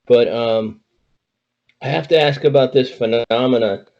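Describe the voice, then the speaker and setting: A man's voice: medium pitch, a little slow, a little mellow. A man co-hosting a podcast, asking chatty, enthusiastic questions in casual interview talk. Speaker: podcast co-host. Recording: muffled lo-fi audio.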